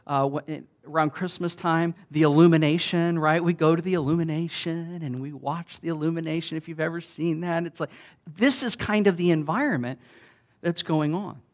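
A man preaching a sermon in a conversational way, with restarts, often rising loud when he quotes. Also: on the high side, moderate pace. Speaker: pastor.

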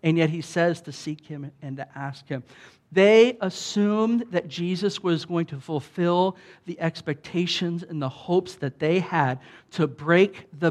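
A man preaches with animated emphasis, his voice sitting on the high side for a man. He shifts between punchy lines and chatty asides to the room. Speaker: pastor. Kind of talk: sermon.

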